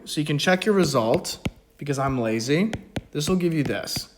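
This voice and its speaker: A man's voice: fairly high pitch, expressive, moderate pace, a little hiss or hum. A man talking through an economics math problem in a casual lesson, with joking, self-mocking asides between steps. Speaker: economics video tutor. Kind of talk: casual spoken math walkthrough.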